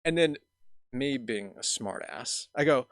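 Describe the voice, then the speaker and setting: A man's voice: medium pitch, expressive, unhurried, no echo. Man hosting a chatty podcast, dry sound. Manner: rambling, many fillers and restarts. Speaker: podcast host. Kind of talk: casual storytelling chat.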